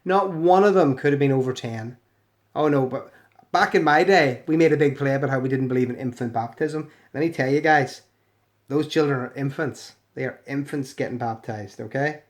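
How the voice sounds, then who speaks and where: A British man giving sarcastic, swearing commentary on comments he reads aloud in mocking voices. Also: fairly high pitch. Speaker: video commentator.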